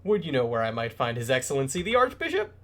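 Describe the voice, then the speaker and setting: Casting: a smooth, courteous trader from a game, read by a man in a mostly even voice. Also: mid-range voice, fast. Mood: polite. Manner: formal, overly polite. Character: courteous smooth-talking male merchant. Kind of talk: reading game dialogue aloud.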